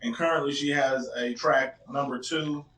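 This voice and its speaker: A man's voice: medium pitch, steady tone, normal speed, recorded from a distance, a loud crowd. A man hosting a casual podcast. He talks in laid-back slang, full of "you know what I'm saying.". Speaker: podcast host. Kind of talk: casual chat. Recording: echoey room, off-mic.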